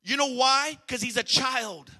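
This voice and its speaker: A man's voice: very high-pitched, measured pace, bright, forceful tone, big-room sound. A male pastor preaching a sermon in church, emphatic and repetitive, calling out to the congregation.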